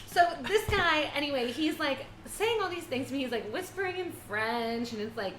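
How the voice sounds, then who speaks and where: A woman guest on a casual podcast, telling a story with animated delivery and frequent laughter. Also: high voice, normal speed, hardly any pauses, a little hiss or hum. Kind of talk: casual chat. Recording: roomy echo.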